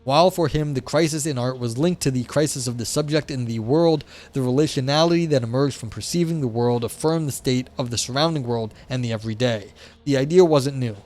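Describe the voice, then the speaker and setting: A man's voice: mid-range voice, fairly quick, a little mellow, soft background music. Chatty man reading philosophy on stream. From United States, south of the New England area. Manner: chatty, responds to chat, many fillers. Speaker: livestream host. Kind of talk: casual chat and reading a philosophy text aloud.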